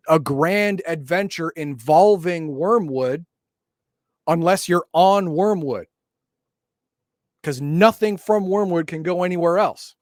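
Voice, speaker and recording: A man's voice: fairly high pitch, dry recording, clean studio sound. A man co-hosting a casual chat, explaining tabletop game lore in a loose, hedging way. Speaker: podcast co-host.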